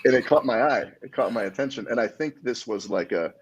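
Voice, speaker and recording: A man talking casually as a podcast guest, an animated storyteller who acts out the people he quotes. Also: medium pitch, brisk, slight background noise. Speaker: guest, jiu-jitsu black belt.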